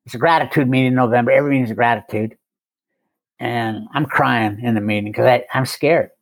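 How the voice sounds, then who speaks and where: A man's voice: medium pitch, fairly even intonation, quick pace, gravelly, no room sound. An older man, a guest, telling his recovery story in a conversational way, with wry self-mocking humor and frequent chuckles.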